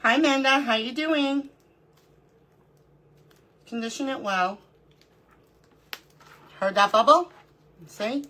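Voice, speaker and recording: This middle-aged crafting streamer has a high, bright, forceful voice but takes things slowly, leaving long pauses. She talks casually on her live stream, naming viewers as she greets them and talking to herself as she works.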